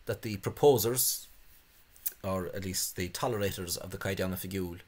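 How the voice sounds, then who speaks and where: A man's voice: deep voice, normal speed, a little mellow. Hesitant man lecturing. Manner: hesitant, many fillers, scornful asides. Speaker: language video host. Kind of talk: spoken lecture on spelling reform.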